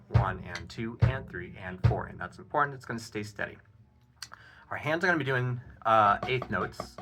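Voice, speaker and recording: A low-voiced drum teacher explains a casual lesson over a kit, counting beats aloud in a relaxed, encouraging way with fillers. Loud drum playing sounds behind his voice.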